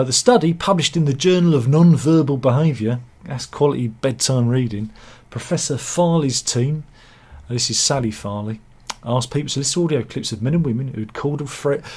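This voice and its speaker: Briskly and in a medium-pitched, darkish voice, this man from England riffs satirically on the news while showing pictures. He peppers it with wry jabs at himself and mock-dramatic one-liners.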